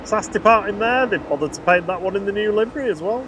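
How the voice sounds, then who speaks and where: A man's voice: high-pitched, lively intonation, fast. A man casually commentating on planes as co-host of a live plane-spotting stream, chatty and laughing often. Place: outdoors by an airport. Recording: outdoor noise behind, aircraft and traffic.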